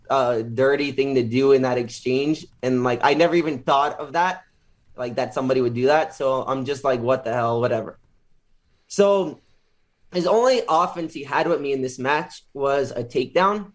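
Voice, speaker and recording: A man being interviewed as a guest, casually retelling a story with lots of filler words and animated quotes. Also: a little high.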